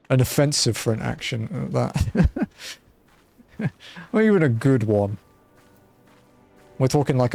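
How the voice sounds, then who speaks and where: A man's voice: medium pitch, lively intonation, measured pace, vocal fry, pauses often, darkish tone, dry recording. Laid-back joking male streamer. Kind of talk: casual gaming commentary. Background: faint game music.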